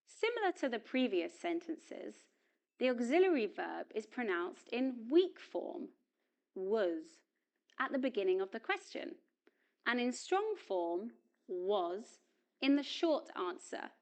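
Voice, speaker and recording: A woman's voice: on the high side, big pitch swings. A woman reading a scripted English pronunciation lesson, stressing words with care so learners can repeat them. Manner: slow, careful, exaggerated stress for modeling. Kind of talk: scripted instructional narration.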